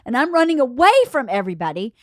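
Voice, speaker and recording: A woman hosting a podcast, telling a story in a lively, laughing way. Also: fairly high pitch, quick pace, no room sound, clean studio sound. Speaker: podcast host. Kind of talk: casual storytelling chat.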